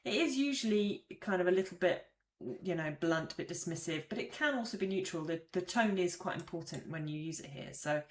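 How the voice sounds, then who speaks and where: A woman's voice: on the low side, animated, brisk. Chatty woman teaching, roomy sound. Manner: chatty, explanatory, acts out example phrases. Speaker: French language teacher. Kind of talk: casual video lesson.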